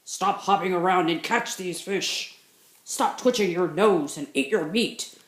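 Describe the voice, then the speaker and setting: A woman voicing a pack of gruff bears who growl and scold. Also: fairly low pitch, unhurried, close to an everyday voice. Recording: roomy echo.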